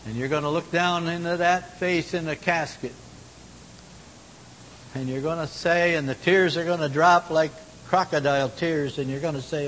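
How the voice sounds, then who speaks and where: A man's voice: fairly even intonation, normal speed. Folksy preacher man in an echoing hall. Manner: folksy, swings from loud exhortation to hushed tones. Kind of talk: sermon. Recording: long hall reverb, faint rumble.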